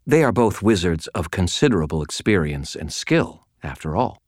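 A man's voice: deep voice, very animated, normal speed, a little mellow, dry recording, studio quality. A man voicing a fussy, reedy little wizard clerk who speaks with prim, polite disapproval.

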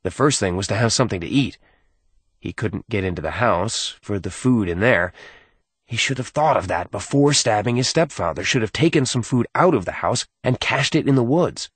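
A man reading a novel aloud as narrator, in a measured and subdued storytelling manner. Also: fairly low pitch, lively intonation, husky, no room sound. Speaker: audiobook narrator. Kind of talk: scripted narration.

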